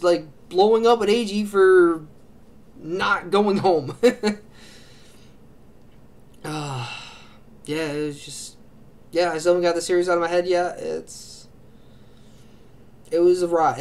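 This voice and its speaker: High-voiced man gushing about favorites. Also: fairly even intonation, measured pace, long pauses. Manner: gushing, rambling, many fillers and restarts. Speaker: anime reaction channel host. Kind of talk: casual spoken ranking of favorite series.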